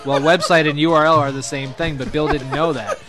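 A man's voice: a little high, steady tone, brisk. A man hosting a casual podcast, laughing and rambling as he explains. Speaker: podcast host. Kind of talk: casual banter among friends.

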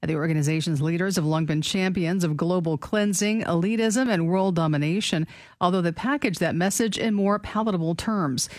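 A woman co-hosting a talk radio show, reading news stories aloud in an even, matter-of-fact way. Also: lowish voice, normal speed, no echo.

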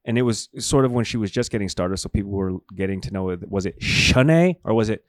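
A man's voice: fairly low pitch, fairly even intonation, fast, warm tone, dry recording, studio quality. A man co-hosting a podcast in casual chat, bantering in a playful, teasing way. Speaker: co-host.

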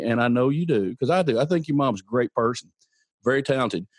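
A man's voice: mid-range voice, sing-song, a little fast, husky, no echo. A man hosting a podcast, speaking in an upbeat, encouraging and playful motivational tone. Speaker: podcast host. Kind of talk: motivational interview talk.

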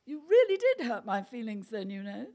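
A woman's voice: a little high, big pitch swings, moderate pace, dark tone. A woman voicing a cool teasing young woman.

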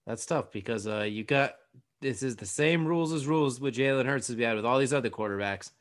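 A man's voice: medium pitch, brisk. A man co-hosting a casual sports podcast, chiming in with dry jokes. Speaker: podcast co-host.

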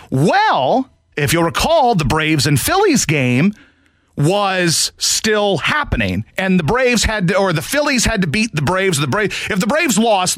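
A man in his thirties hosting sports talk radio, telling a long story in an animated way with shouted asides. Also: sits high, dry recording. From St. Louis area.

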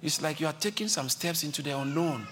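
A man preaching a sermon with passion, repeating his lines and climbing to high shouts, with a congregation answering him. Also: brisk. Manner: impassioned, repeats phrases, builds to high shouts. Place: church service. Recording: live congregation audible.

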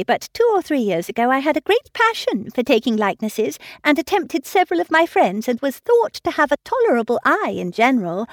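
A woman voicing a lively, self-assured young lady, bright and animated in tone. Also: sits high, dry recording, clean studio sound, voice pushed up. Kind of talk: audiobook character reading.

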